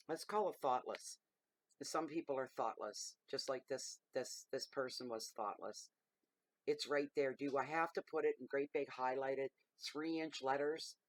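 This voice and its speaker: A woman's voice: low-pitched, dry recording, poor audio. A middle-aged woman, a tarot reader hosting her own channel, ranting to camera in a blunt, heated and sweary way.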